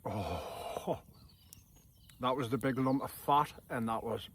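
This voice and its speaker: A Geordie man in his thirties hosts a casual camping vlog by a campfire outdoors at night, chatting away and swearing freely. His mid-range voice is slightly rough and his pace is slow.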